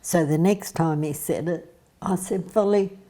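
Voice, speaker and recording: A woman telling an anecdote in an interview, unhurried and pausing often. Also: low voice, steady tone, warm tone. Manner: unhurried storytelling with hesitations.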